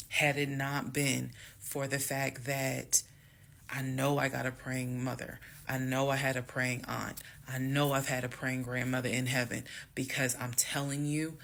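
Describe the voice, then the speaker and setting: Animated gravelly woman telling a story. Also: a bass voice. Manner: dramatic, animated storytelling with acted quotes. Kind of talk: storytime vlog.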